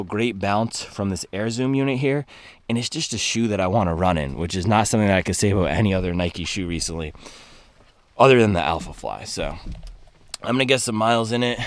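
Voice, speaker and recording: A man with a somewhat low voice vlogs from his parked car on a rainy day. He talks casually to the camera about running shoes, full of upbeat slang and hype. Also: no room sound. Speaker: running shoe reviewer. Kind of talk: casual vlog talk to camera.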